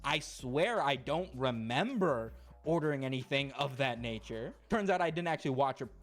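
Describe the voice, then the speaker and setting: A young man co-hosting a reaction show, telling stories in a relaxed casual chat. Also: mid-range voice, moderate pace. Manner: relaxed storytelling, laid-back. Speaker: reaction channel co-host.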